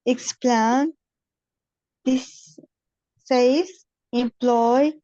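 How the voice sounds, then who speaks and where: A female student in an online class reading a word list aloud slowly, word by word. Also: fairly high pitch, steady tone, mellow, no room sound, highs cut off. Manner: careful, slow word-by-word reading.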